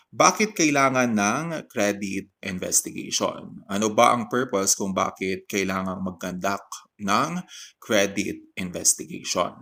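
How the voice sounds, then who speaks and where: A man giving a slow, deliberate recorded lecture, switching between English and Tagalog. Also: on the low side, fairly bright tone. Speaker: teacher.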